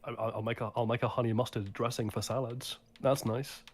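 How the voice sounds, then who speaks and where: A man in casual gaming chat, telling stories in an excitable way. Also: mid-range voice. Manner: fast, excitable storytelling. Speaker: co-host.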